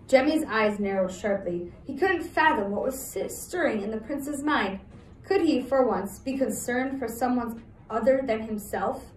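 A woman teacher reading a novel aloud to her class, steady and pausing to check in with listeners. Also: on the high side, roomy sound, slight background noise, poor audio.

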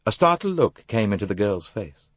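A man narrating an audiobook in an expressive, animated reading. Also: lowish voice, moderate pace, no echo. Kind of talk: scripted narration.

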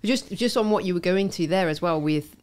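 A woman's voice: on the low side, fairly quick. A woman talking as a podcast guest in casual chat, with lots of "yeah" and "like" fillers.

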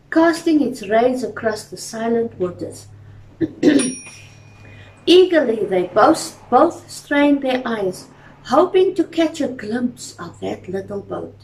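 A woman reading a children's story aloud in church and speaking gently to the children. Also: on the high side, animated, slow, roomy sound, distant mic, slight background noise, poor audio. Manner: gentle, addresses children directly.

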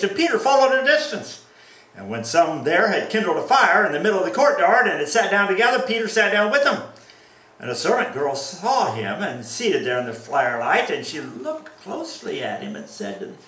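A man preaching a sermon as pastor, reading scripture aloud and acting out the quoted lines with animated delivery. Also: sits high, a little fast, reverberant, far from the mic, rough recording.

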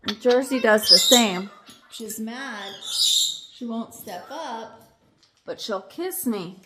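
Woman with lively, slow-paced talk. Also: on the high side, very noisy. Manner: affectionate, explanatory, teasing questions. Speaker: parrot owner and channel host. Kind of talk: casual explaining to camera and a guest. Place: indoor bird room at home.

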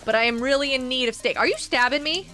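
A woman's voice: high-pitched, quick pace, pushed and bright, faint music behind. A woman streaming a survival game, chatting playfully and scolding her teammates in mock outrage. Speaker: gaming streamer. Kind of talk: casual gameplay commentary.

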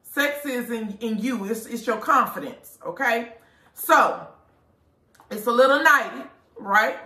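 A high, bright-voiced woman owns a lingerie shop and pitches her products live to customers. She talks bluntly, swears freely and preaches a little between the prices. The sound is roomy and echoey, as if taken inside the shop. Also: expressive, slow. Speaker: lingerie store owner.

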